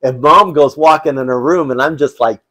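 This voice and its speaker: A man co-hosting a casual chat, telling family stories in an animated way and laughing often. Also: mid-range voice, moderate pace. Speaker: co-host.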